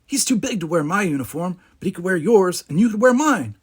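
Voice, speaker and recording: A man voicing an anxious young cadet, high and urgent. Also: fairly quick, breathy edge. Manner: raising pitch and volume for excited lines. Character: young male cadet Geordi, earnest and anxious.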